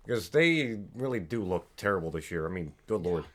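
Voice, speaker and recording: A man in casual sports chat, laid-back and jokey, quick to tease the others. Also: deep voice, big pitch swings, a bit bright. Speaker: podcast co-host.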